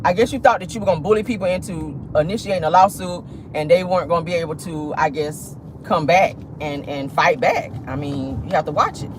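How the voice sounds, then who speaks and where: A woman's voice: deep voice, a little fast, few pauses, noisy background. A woman hosting a celebrity gossip commentary show, blunt, sassy and profane, calling listeners "child" and "baby".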